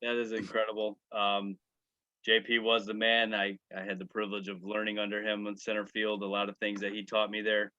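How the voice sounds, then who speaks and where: A man's voice: on the low side, monotone, fairly quick, sharp tone, no room sound. Easygoing man on a lo-fi mic. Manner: easygoing, wraps up the show. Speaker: podcast co-host. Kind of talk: casual podcast chat. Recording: dull, dry lo-fi mic.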